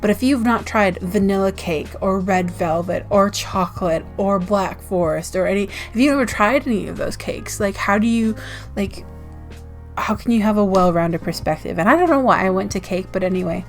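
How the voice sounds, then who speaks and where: A woman's voice: mid-range voice, moderate pace, faint music behind. Rambling, giggly American woman. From United States. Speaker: zine vlogger. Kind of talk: casual vlog chat.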